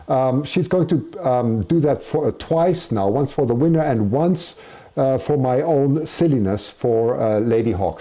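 A man's voice: medium pitch, dark tone. A man hosting a live stream, chatting casually as he announces poll results. He pokes fun at himself and laughs often. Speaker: live show host.

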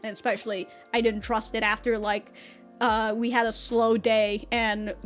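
Female reaction vlogger, casual, animated and sweary, with a slightly high voice. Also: normal speed, faint music behind. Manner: swears freely, laughs often, animated storytelling. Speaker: reaction video host.

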